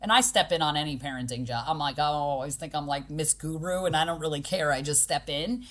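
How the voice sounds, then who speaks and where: A low, slightly bright female voice, speaking a little fast. The boxing gym owner, a podcast guest in a conversational interview, talks with direct, pragmatic emphasis and mimics those she quotes.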